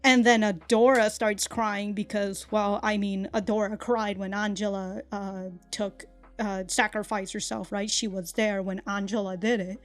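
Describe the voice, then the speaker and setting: A woman's voice: mid-range voice, level tone, measured pace, soft background music. A woman hosting a casual reaction commentary who swears a lot, laughs often and rambles with restarts. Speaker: reaction video host.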